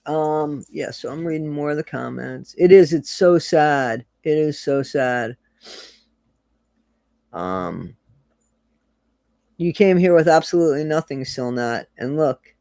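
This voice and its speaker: A man's voice: fairly high pitch, lively intonation, unhurried, a little mellow, dry recording. A man hosting a casual live stream, talking earnestly and emotionally, swearing now and then and greeting viewers from the chat by name.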